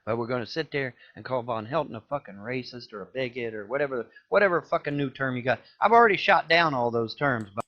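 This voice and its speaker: A man delivering an angry, profane rant, cursing loudly and repeating himself. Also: mid-range voice, fast talker, hardly any pauses. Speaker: ranting video creator. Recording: dull lo-fi audio.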